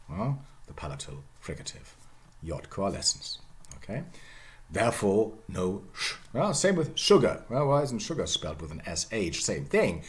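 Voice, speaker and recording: A man's voice: on the low side, sing-song, moderate pace. A middle-aged man giving a university lecture, repeating example words over and over and checking in with "yeah?" and "okay?".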